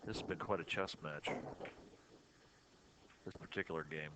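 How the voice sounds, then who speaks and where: Deep-voiced guy calling a pool match, calm and analytical, noisy audio. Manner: measured, analytical, chuckles often. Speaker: pool commentator. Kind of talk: play-by-play commentary.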